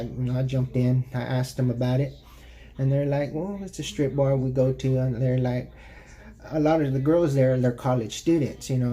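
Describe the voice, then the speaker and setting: A man's voice: medium pitch, dark tone. A man from Texas casually telling rambling personal stories on his channel, with many "you know" fillers. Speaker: YouTube storyteller. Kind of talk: casual anecdotal storytelling.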